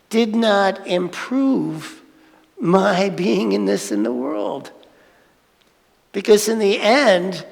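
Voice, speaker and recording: A man in his sixties giving a sermon-style talk with animated, self-mocking storytelling. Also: sits high, creaky. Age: 60s. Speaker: speaker at a spiritual centre. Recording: hall reverb.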